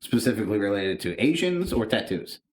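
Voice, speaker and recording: Deep-voiced guy rambling thru a cussing story on a podcast. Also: very animated, a little fast. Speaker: podcast co-host. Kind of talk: casual chat, storytelling.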